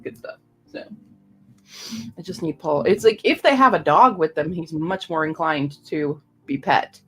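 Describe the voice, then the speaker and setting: A woman's voice: low voice, a little slow. A woman streamer chatting casually and rambling to her viewers. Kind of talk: casual live-stream chat.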